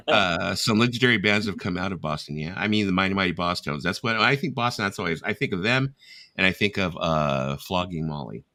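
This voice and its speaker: A middle-aged man hosts a relaxed live chat, his voice sitting very low yet cutting through with a bright, forceful edge. He tells animated stories and laughs at his own jokes between viewer comments. The sound is close and dry, with no room echo. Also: normal speed. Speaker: host of a live chat stream.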